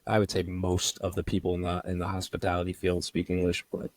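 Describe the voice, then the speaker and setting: An American man co-hosting a podcast, telling a long story in a rambling, animated way, full of "I was like". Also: low-pitched, fast talker, dry recording. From United States. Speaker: podcast co-host. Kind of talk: casual storytelling chat.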